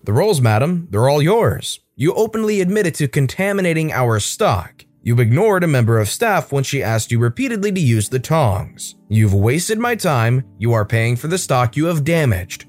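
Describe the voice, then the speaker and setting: A man voicing a stern bakery manager who speaks with crisp, coolly polite formality. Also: mid-range voice, big pitch swings, moderate pace, hardly any pauses, darkish tone, no echo, faint music behind.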